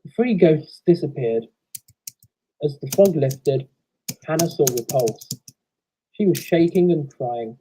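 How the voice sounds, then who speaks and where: A woman narrates a story slowly in a lowered voice. Her pitch moves with lively swings. Keyboard clicks are clearly heard behind her. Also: a little hiss or hum, poor audio. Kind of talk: reading a fan story aloud.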